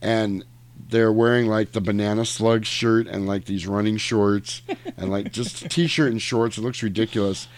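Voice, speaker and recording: A man with a lowish voice tells a long story in a loose, rambling way. He swears freely, hesitates with plenty of ums, and lurches ahead with bursts of energy. The sound is close and very dry, with no room in it. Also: moderate pace, no room sound. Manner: rambling, profane, animated storyteller with many fillers. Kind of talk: casual conversational retelling.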